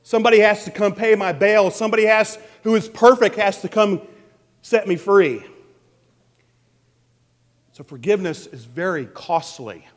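A man pastor delivering an animated sermon, asking the congregation questions. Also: sits high, moderate pace, pauses often. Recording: long reverb of a large hall.

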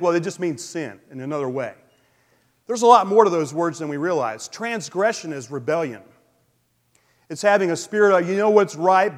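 A male pastor preaching a sermon in a relaxed, conversational way, with frequent fillers. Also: on the high side. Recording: long hall reverb.

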